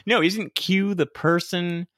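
A man co-hosting a podcast in casual chat, animated and quick to laugh, acting out quotes in a high voice. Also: dry recording. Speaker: podcast co-host.

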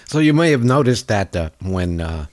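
A man's voice: fairly low pitch, sing-song, moderate pace. A man hosting a show, ranting sarcastically about politics, his voice stuffed up with a cold. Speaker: podcast host. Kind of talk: political commentary rant.

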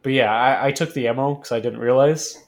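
A man co-hosting a podcast in casual chat, halting and repeating filler words as he thinks aloud. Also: medium pitch. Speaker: podcast co-host.

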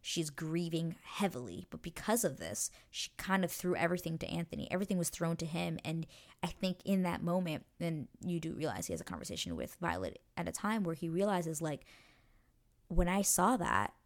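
A woman's voice: sits low, animated, a little fast. A woman hosting a podcast, recapping a TV series in a chatty, gushing way with many fillers and restarts. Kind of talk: casual chat.

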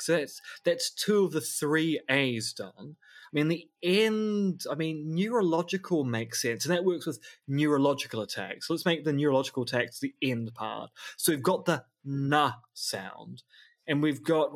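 A man co-hosting a podcast in casual chat, building dry jokes and wordplay. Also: a little high. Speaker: podcast co-host.

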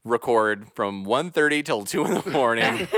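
A man's voice: mid-range voice, sing-song, a little slow, fairly bright tone, dry recording, studio quality. A man co-hosting a podcast, rambling and laughing in casual chat, full of fillers and restarts. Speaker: podcast co-host.

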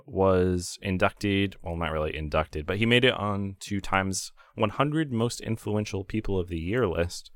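A low-pitched man in casual podcast chat who rambles through fillers and breaks into laughter a lot. His voice is recorded close and dry, with no room sound behind it. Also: fairly bright tone, dry recording. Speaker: podcast co-host.

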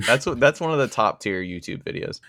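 A man's voice: mid-range voice, animated, fairly quick, pushed and bright, no room sound, clean studio sound. A man co-hosting a podcast, reading facts aloud and cracking wry jokes in casual chat. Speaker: podcast co-host.

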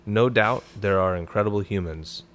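A man's voice: lowish voice, moderate pace. A man, a former special operations soldier, talking as a podcast guest in a blunt, profane, fired-up way. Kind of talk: casual podcast conversation.

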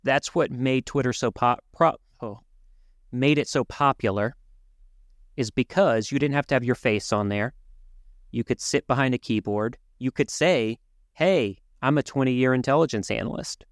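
Male podcast co-host, even mid pitch, earnest and measured, dry close sound. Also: dry recording. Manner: earnest, measured, some restarts. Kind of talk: casual podcast chat.

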